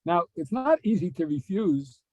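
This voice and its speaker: A man telling a story in a Torah class, animated and acting out the dialogue. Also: high voice, moderate pace, no echo, low-quality recording. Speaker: rabbi giving a Torah class.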